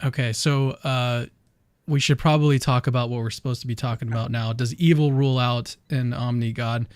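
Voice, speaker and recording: A man's voice: medium pitch, fairly even intonation, fairly quick, clean tone, dry recording, clean studio sound. A man hosting a casual online chat, introducing guests in a talkative, upbeat way with frequent restarts. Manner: chatty, upbeat, with many restarts. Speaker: host.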